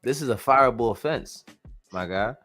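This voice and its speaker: A man hosting a casual sports podcast, talking in an animated, slangy, joking way. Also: medium pitch, normal speed, soft background music. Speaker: podcast host.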